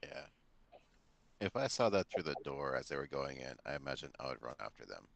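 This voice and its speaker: A man talking as a player in a tabletop game, relaxed and explaining his plans at length. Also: rumbling low, a little fast, gravelly.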